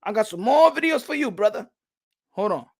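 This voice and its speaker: A man hosting a boxing channel on a live stream, excitable and profane, swinging between loud outbursts and low muttering, with Spanish words mixed in. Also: fairly quick.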